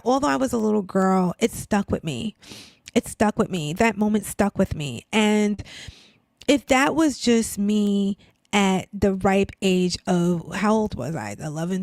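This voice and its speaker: A woman in her fifties talks with a gravelly, fry-edged voice, close and dry on the mic. She chats in an open, emotional way, leaning on "like" and "girl" as she goes. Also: medium pitch, no echo. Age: 50s. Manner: chatty, emotional, heavy use of "like" and "girl". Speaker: podcast host. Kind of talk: casual chat.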